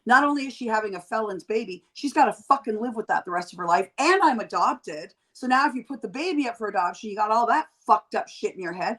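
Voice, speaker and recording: A woman's voice: a little high, fast, few pauses. Blunt, profane middle-aged woman from Canada. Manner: blunt and profane, animated storytelling. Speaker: podcast guest. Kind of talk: casual chat.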